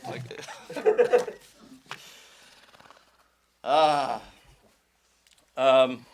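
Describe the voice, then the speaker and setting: Brief: middle-aged dad, mid-range voice, relaxed anecdotal eulogy, light chuckles. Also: male voice, medium pitch, drawn-out words. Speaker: father giving a eulogy. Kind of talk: informal memorial eulogy. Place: funeral home service.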